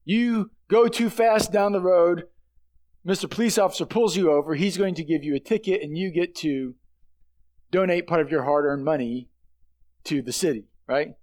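A high-pitched male pastor delivers a sermon. He keeps it conversational and earnest, and he lands hard on the words he wants to stress. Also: moderate pace, darkish tone.

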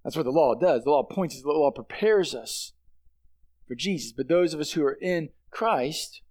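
A high-pitched male pastor delivers a sermon. He keeps it conversational and earnest, and he lands hard on the words he wants to stress. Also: animated, normal speed, a little mellow.

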